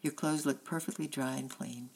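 A woman's voice: steady tone, normal speed, vocal fry, darkish tone, husky, full character voice. A woman reading aloud as a tearful, angry mother who snaps at her young son. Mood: angry scolding. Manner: shrill scolding. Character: stern, anxious working-class mother, tearful and sharp.

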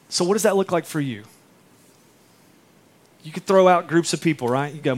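A man's voice: fairly high pitch, normal speed, pauses often. A man preaching a sermon in a conversational way, acting out quotes as he tells stories. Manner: conversational, animated storytelling with acted-out quotes. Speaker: pastor.

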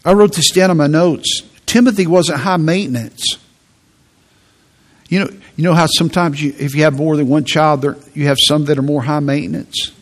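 Man preaching, earnest sermon, repeats words for emphasis, fairly high voice. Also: normal speed, fairly bright tone. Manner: earnest, repeats words when stressing a point.

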